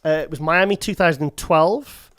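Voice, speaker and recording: A man's voice: on the high side, normal speed, fairly bright tone, clean tone, no room sound. A British man, a guest on an interview show, telling a rambling story and acting out the quoted lines. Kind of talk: casual storytelling.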